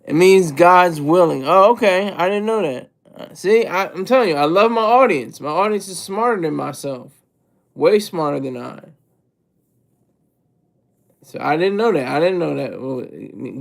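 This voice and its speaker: A man's voice: on the high side, animated, unhurried, creaky. A man hosting a casual livestream, rambling and restarting his sentences, chatting with his viewers and chuckling between thoughts. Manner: rambling, self-interrupting, often repeats words. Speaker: livestream host. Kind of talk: casual livestream commentary, reading chat.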